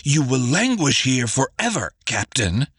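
A man's voice: very animated, measured pace, fairly bright tone, slightly rough, dry recording, clean studio sound, exaggerated voice. A man voicing a vengeful male soldier who seethes and shrieks in an audiobook. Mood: threatening. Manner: seething, high-strung. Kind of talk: audiobook character voice.

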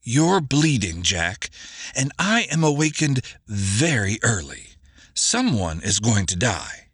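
A man's voice: mid-range voice, very animated, takes it slowly, a bit bright, slightly rough, no echo, studio quality, heavily acted. A man voicing a fierce, commanding woman archer in an audiobook, with an ill-humored, clipped delivery. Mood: menacing. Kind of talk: audiobook character voice.

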